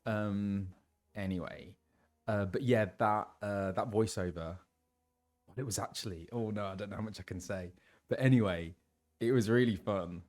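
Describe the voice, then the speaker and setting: A young British man chatting casually on a live stream and greeting viewers, his voice a little low as he recovers from laryngitis. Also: normal speed, a little mellow. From England. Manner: chatty, reads out viewers' messages with laughs and fillers. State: recovering from laryngitis, voice lower than usual.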